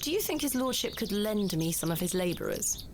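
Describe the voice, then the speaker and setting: A woman's voice: mid-range voice, big pitch swings, fairly quick, background noise. An actress playing a formal, determined woman archaeologist in an adventure game. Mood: composed. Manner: formal, composed.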